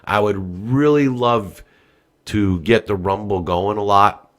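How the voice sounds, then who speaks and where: A man with a somewhat low voice hosts a political commentary podcast. He rants and swears freely, dropping to a mutter and then shouting again. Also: slow pace. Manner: profane, swinging from muttering to shouting. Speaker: podcast host.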